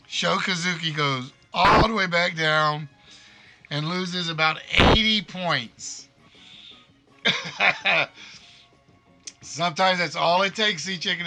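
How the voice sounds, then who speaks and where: A man hosting a live-streamed quiz game, reading questions slowly and repeatedly and teasing the players and chat playfully. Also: fairly high pitch, bright, forceful tone. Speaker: game show host.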